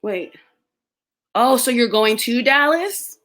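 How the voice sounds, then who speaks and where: Animated young woman chatting on a live stream. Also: a little high, takes it slowly. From United States. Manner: animated storytelling, laughs often, mimics others. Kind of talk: casual chat.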